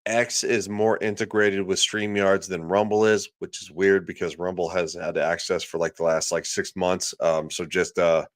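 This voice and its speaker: A man's voice: deep voice, level tone, normal speed, hardly any pauses, no echo, clean studio sound. A man hosting a livestream, ranting sarcastically and crudely, often reading out viewers' chat comments. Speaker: livestream host.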